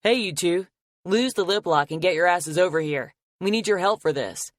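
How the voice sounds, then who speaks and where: A woman voicing a cocky grown man who teases his friends and calls out loudly. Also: on the low side, brisk, no echo, pitched above the performer's own voice, close to an everyday voice. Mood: teasing. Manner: loud, teasing, calls out across a yard.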